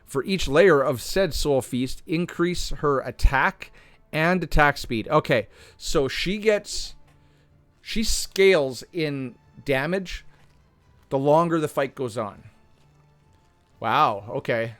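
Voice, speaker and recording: A man with a slightly hoarse voice reading game patch notes aloud and reasoning through them, often correcting himself mid-sentence. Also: on the high side, lively intonation, takes it slowly, fairly bright tone, no echo, faint music behind. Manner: thinks aloud, restarts and self-corrects. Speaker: gaming content creator.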